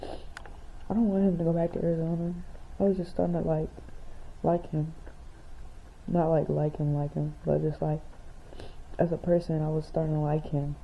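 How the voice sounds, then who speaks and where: A young woman speaks softly in a casual video diary, her voice low and drowsy. Her tone stays flat and even. The sound is tinny and phone-like, with a faint hiss underneath. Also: normal speed, creaky, pauses often. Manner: soft-spoken, quiet and sleepy. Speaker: vlogger. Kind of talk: casual video diary, reading her own letter aloud.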